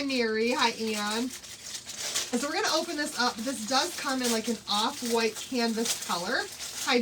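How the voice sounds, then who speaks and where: A woman's voice: high-pitched, sharp tone, recorded from a distance, slight background noise, rough recording. A woman hosting a live craft tutorial, chatty and bubbly, greeting viewers by name and laughing often. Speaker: craft livestream host.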